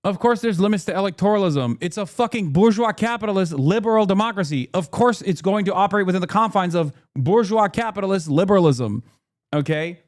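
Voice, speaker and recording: A man livestreaming his reactions to news clips, ranting in a heated, profane and sarcastic way. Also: high-pitched. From United States. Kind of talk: live reaction commentary.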